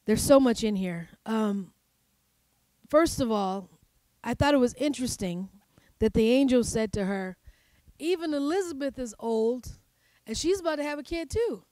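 Woman pastor, sermon, chatty and playful, slightly high voice, dry close sound. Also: moderate pace, pauses often, no echo. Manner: conversational, playful, laughs often, animated asides.

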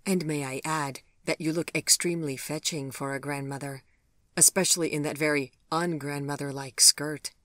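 Tender, refined gentleman, read by the narrator, soft and courtly, mid-pitched and dry. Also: steady tone, moderate pace, dry recording, lightly acted. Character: gentle, refined older gentleman who loves elegance.

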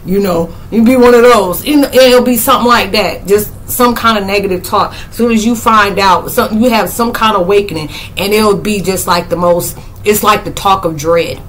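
Animated woman telling stories with laughs. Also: brisk, a little hiss or hum, poor audio. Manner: animated, laughs often, acts out quotes in high squeals. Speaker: spiritual vlogger. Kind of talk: casual storytelling monologue.

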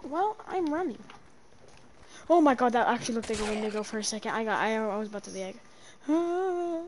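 A young woman streaming a game, chatting casually, swearing and yelling in panic between low mutters. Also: quick pace, slight background noise. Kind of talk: casual gameplay chat.

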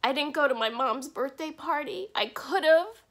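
A woman shares her own story in a personal confessional vlog. Her voice sits high, and she speaks candidly, pausing and restarting her sentences as she works through her thoughts. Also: lively intonation. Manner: halting, candid, with restarts and soft breaks. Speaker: vlogger.

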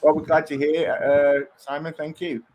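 Quipping co-host over a noisy mic. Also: male voice, fairly high pitch, level tone, moderate pace, dull audio. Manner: mock-offended quips, reads chat names aloud. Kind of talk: jokey live-stream banter. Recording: noisy microphone.

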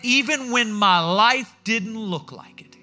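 Male pastor, high bright voice, chatty sermon delivery. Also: slow pace, faint music behind. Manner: conversational storytelling, acts out quoted voices. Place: church sanctuary.

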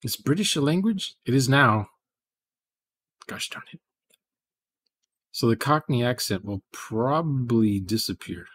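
A man's voice: mid-range voice, animated, measured pace, long pauses, a bit bright, slightly rough, no echo. A man hosting a programming livestream, rambling in casual chat and muttering to himself as he codes. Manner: rambling, muttering asides while coding.

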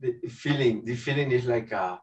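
A man giving a spiritual talk with prayer, halting and searching for words in a second language, chuckling often between thoughts. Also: mid-range voice. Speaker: spiritual teacher. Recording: dull, distant lo-fi call audio.

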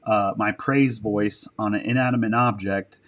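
A man with a somewhat low-pitched voice talking casually as a podcast guest. He rambles through long stories, drops casual swear words and restarts his sentences often. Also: fairly even intonation, moderate pace, fairly bright tone. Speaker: podcast guest, military dog handler. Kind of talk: casual interview storytelling.

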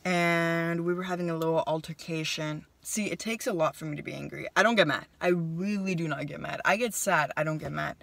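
A young woman vlogger telling a casual story to the camera, chatty and animated, acting out what people said. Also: low-pitched, brisk, creaky, few pauses, no echo. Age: young adult. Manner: animated, chatty, voices her own quotes. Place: car.

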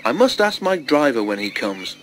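A man's voice: mid-range voice, sing-song, moderate pace, fairly bright tone, a little hiss or hum. A man voicing a small, eager male tank engine who sounds wistful and plaintive in a storybook reading. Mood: curious.

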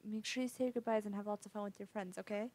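A woman's voice: medium pitch, steady tone, very fast, darkish tone, lightly acted. A woman voicing a worried adult mother who apologizes and grumbles about her husband. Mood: apologetic, resentful.

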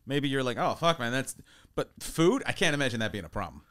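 A man's voice: mid-range voice, sing-song, fairly quick, a bit bright. A man hosting a comedy podcast in a studio, joking loosely, cracking up and breaking into silly voices. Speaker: podcast host. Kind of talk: casual comedy chat. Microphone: studio mic.

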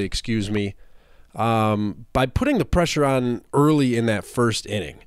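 A man talks alone into a close podcast mic, previewing a playoff game in a brisk, stat-packed style. His voice is smooth and clear yet a little nasal, as if he is just getting over a bad cold. The recording is dry, with no room sound at all. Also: mid-range voice, no room sound. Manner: brisk, stat-heavy analysis with frequent "uh" fillers. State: nasal from a recent illness. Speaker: podcast host. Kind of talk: solo sports preview podcast.

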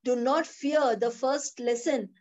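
A woman's voice: high-pitched, slow, a little mellow. A woman teaching the Bible on a video call. She is emphatic, repeats her phrases and asks rhetorical questions. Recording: dull lo-fi video call audio.

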